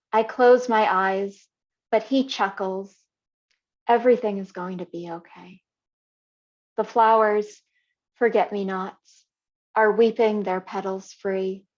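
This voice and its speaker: Young woman poet, unhurried measured reading, muffled lo-fi call sound. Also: medium pitch, a little mellow. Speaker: poet reading her work. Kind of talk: poetry reading.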